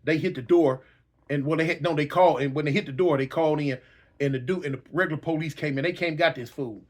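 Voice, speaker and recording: A man telling a personal story dramatically, acting out yells and reactions. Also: on the high side, fast. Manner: dramatic, acts out yells and voices, slangy.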